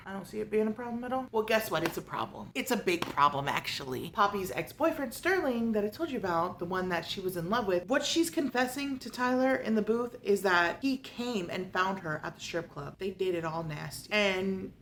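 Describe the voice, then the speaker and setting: A woman giving a casual, sarcastic book review and retelling the plot with animated asides. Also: mid-range voice, brisk, few pauses, a little hiss or hum.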